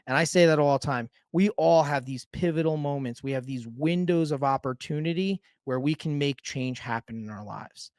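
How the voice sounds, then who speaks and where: A man's voice: a little high, normal speed, hardly any pauses, darkish tone, no echo, studio quality. A man in a conversation telling his own recovery story in a rambling, candid and casual way, with the odd swear word. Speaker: sobriety coach and guest storyteller.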